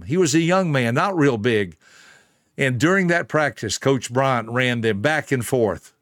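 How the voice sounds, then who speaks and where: A man's voice: medium pitch, dry recording, clean studio sound. Earnest man telling a motivational story. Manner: earnest, emphatic, speaks directly to listener. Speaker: motivational speaker.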